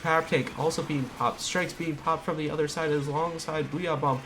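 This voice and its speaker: A man casting an esports match alone from home, calling plays and then talking more quietly so as not to wake others. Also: a little high, a little hiss or hum. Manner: rapid excited calls, then quieter. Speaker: esports caster. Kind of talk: solo play-by-play commentary.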